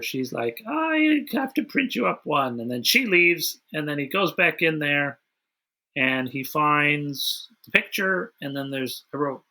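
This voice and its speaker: A man's voice: fairly high pitch, bright, forceful tone. A man hosting a podcast in casual chat, recapping a film's plot in a dry way. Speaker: podcast host.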